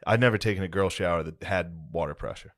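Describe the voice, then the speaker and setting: A man's voice: sits low, fast talker, a bit bright, dry recording, clean studio sound. A man co-hosting a podcast, bantering crudely and rambling through jokes and mock outbursts. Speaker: podcast co-host.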